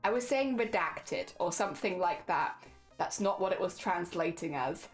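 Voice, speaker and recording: A woman's voice: lowish voice, lively intonation, normal speed, faint music behind. A young woman chatting casually on a livestream, giggly and reading chat aloud. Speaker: streamer.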